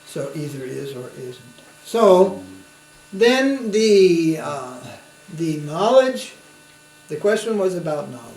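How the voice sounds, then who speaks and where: A swami takes it slowly, his somewhat high, darkish voice swinging widely in pitch. He gives a spiritual lecture through casual stories, using tag questions to invite listeners along. There's a faint hum in the roomy recording.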